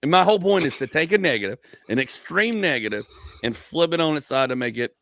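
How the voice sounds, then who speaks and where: A male comedian hosting a casual podcast chat, telling stories in an animated way and repeating phrases. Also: fairly high pitch, fast talker, vocal fry, no room sound.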